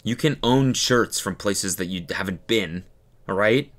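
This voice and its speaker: A man's voice: fairly low pitch, unhurried, a bit bright, faint music behind. A man hosting a reaction video, talking casually, incredulous, swearing often and laughing along.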